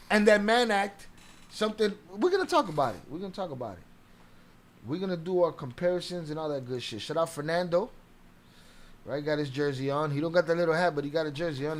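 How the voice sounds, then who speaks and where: A man with a fairly high voice hosts a loose, chatty livestream. He talks in an animated, profane way and keeps greeting viewers from the chat. His tone stays casual and conversational. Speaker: livestream host.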